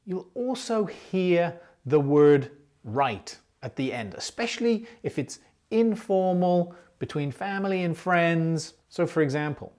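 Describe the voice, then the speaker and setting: English teacher with a very animated pitch, explaining grammar clearly and patiently for learners. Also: a little slow. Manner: clear, patient explaining, with example questions spoken aloud.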